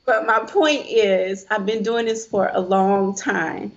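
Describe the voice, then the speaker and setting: A woman's voice: medium pitch, takes it slowly. A middle-aged woman, a financial advisor and coach, telling a heartfelt personal story as an interview guest. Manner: heartfelt, earnest storytelling with quoted voices. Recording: dull lo-fi sound.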